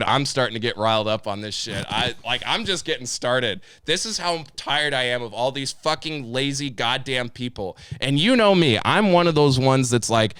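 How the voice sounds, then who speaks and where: A man's voice: mid-range voice, lively intonation, normal speed, few pauses, fairly bright tone, clear, resonant tone, dry recording. A man in his twenties, co-host of a podcast, ranting heatedly with lots of swearing and mocking voices. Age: 20s. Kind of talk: profane ranting podcast talk.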